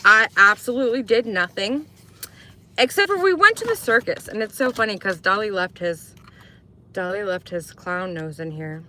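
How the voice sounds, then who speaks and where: A woman's voice: lively intonation, moderate pace, bright, forceful tone, slight background noise. A woman live streaming in casual chat, talking to viewers and answering their comments. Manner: chatty, answers chat comments, mimics sweet talk in high voice.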